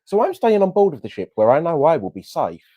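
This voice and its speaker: A man's voice: on the high side, huge pitch swings, fast talker, warm tone, no echo. A young man improvising a comedic travel story as co-host, playful and laughing often. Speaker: podcast co-host.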